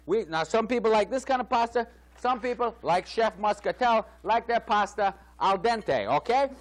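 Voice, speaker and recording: Speaking at a moderate pace with a high, natural-sounding voice, a man hams it up as a boastful television chef. He fakes an Italian accent, chats away through the parody cooking bit, and cracks himself up.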